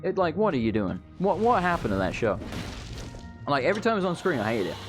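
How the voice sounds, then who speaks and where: A man's voice: a little high, sing-song, fast, over music. A man giving rambling, swear-filled commentary while playing a video game. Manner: chatty, rambling, swears freely. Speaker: gaming channel host. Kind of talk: casual let's play commentary.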